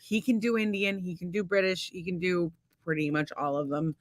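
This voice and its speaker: A woman's voice: fairly low pitch, steady tone, normal speed. Brash, teasing woman podcast co-host. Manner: brash, teasing, laughs often. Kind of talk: casual married-couple banter.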